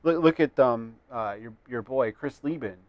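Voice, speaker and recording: A man with a mid-pitched voice rambles through casual podcast chat with halting restarts. The sound is close and dry. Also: no room sound, lo-fi sound. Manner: rambling, hesitant, joking. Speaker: podcast co-host.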